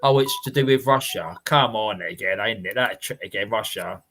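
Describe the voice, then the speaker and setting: A man's voice: fairly low pitch, normal speed, pushed and bright, slight background noise. A man hosting a casual livestream chat from home, rambling and repeating himself as he talks. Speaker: livestream host. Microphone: home computer mic.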